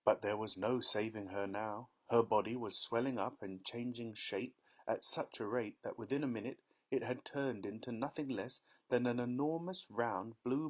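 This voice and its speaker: Give me a man narrating a children's audiobook. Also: mid-range voice. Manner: measured storytelling.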